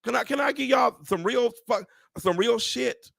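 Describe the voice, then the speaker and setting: A man telling animated, profane stories to live viewers, with preacher-like exclamations. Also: very high-pitched, normal speed, gravelly, dry recording, clean studio sound. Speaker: real estate agent hosting a live stream. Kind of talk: casual storytelling to live viewers.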